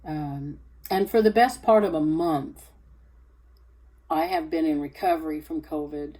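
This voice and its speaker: Slow, mellow-voiced woman giving testimony. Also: rough recording. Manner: halting, hesitant, many fillers and restarts; rises in pitch and energy when retelling scripture. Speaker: vlogger sharing faith testimony. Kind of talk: personal testimony.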